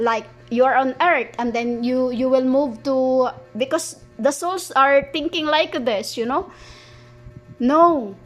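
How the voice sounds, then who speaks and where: A woman giving a rambling spiritual monologue, halting and restarting her words often. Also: fairly high pitch, low-quality recording. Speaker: spiritual speaker.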